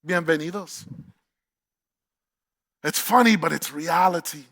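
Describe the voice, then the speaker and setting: A man's voice: fairly high pitch, a little slow, fairly bright tone. A man with a New York accent preaching a sermon as pastor, emphatic, repeating key phrases and asking the congregation questions.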